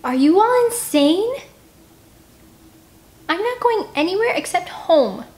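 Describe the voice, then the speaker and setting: A woman voicing a whiny, bratty young girl, shrill and complaining. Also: lively intonation, normal speed.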